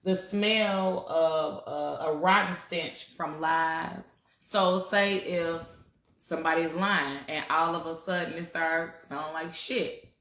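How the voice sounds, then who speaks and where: A woman talks casually and bluntly to her livestream viewers, swearing freely. Her voice sits on the low side. The room around her is roomy and echoey. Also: fairly even intonation, slow pace, a bit bright. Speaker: spiritual talk host.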